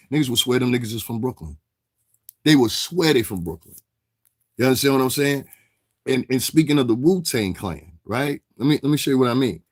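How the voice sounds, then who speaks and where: Heard in clean studio sound without room echo, a man with a medium-pitched, darkish voice from the New York City area hosts a casual livestream. He rambles in street slang, answers chat, and keeps asking "you understand what I'm saying."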